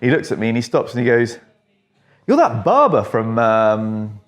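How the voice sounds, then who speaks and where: A man's voice: mid-range voice, sing-song, moderate pace. An English man working as a barber, chatting and telling jokey stories to his client while cutting hair in a barbershop. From England. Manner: chatty, joking storyteller.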